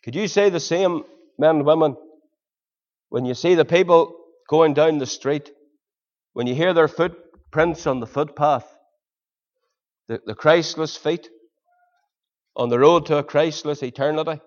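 A man's voice: fairly high pitch, measured pace, pauses often. A man preaching a sermon, pleading with his listeners through earnest rhetorical questions. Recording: dull lo-fi sermon recording.

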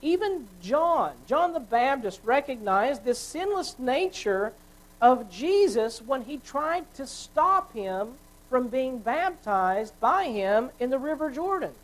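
A woman preacher giving a sermon, explaining at a measured pace and correcting herself as she goes. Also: high voice, very animated, low-quality recording.

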